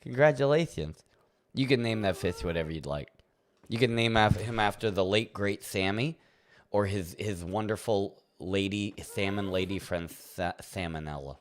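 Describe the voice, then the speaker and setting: A man with a deep, low voice talks casually to his livestream audience while he plays. He rambles playfully and chuckles often as he addresses chat. A faint background hiss sits under his voice. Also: normal speed. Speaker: streamer.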